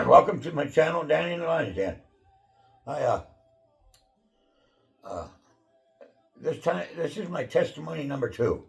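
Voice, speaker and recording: A man hosting his own channel, telling a personal testimony in a casual, rambling way, full of fillers and throat clearing. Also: fairly high pitch, animated, unhurried, pauses often. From Pacific Northwest of the USA.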